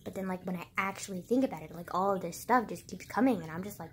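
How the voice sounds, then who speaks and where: Talking fast with few pauses, a young woman with a fairly low-pitched voice tells childhood stories to her viewers over slight background noise. As a vlogger speaking to camera, she rambles casually, full of "like" and curse words.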